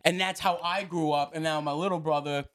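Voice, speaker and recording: A man's voice: on the high side, fairly even intonation, brisk, a bit bright, no echo, clean studio sound. A man co-hosting a casual interview who chats about growing up. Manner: chatty, conversational. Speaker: co-host.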